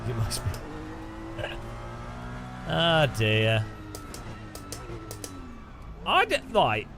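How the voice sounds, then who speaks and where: A man's voice: medium pitch, wildly swooping pitch, very slow, creaky, over music. Jokey man rambling over sim racing. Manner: rambling, jokey, laughs often. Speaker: sim racing channel host. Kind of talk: casual gameplay commentary.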